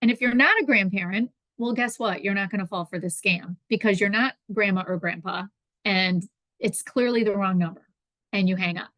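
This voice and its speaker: A woman's voice: medium pitch, normal speed, fairly bright tone, no room sound. A woman giving a conversational public presentation on consumer protection, acting out callers and victims in quoted voices.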